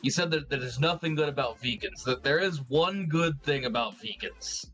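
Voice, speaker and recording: A man's voice: on the high side, moderate pace, fairly bright tone, soft background music. A man voicing a small, hungry mouse mercenary, goofy and eager to take a job, in an improvised tabletop role-play.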